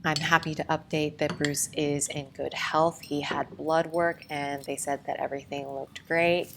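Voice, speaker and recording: A woman vlogger narrating a voice-over in a gentle, relaxed way. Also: sits low, a little slow, gravelly, slight background noise.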